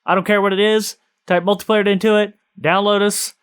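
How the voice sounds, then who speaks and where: A man hosting a casual podcast, playful and self-mocking, with loud bursts of hype. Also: sits high, flat delivery, fairly quick, smooth, dry recording. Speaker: podcast host.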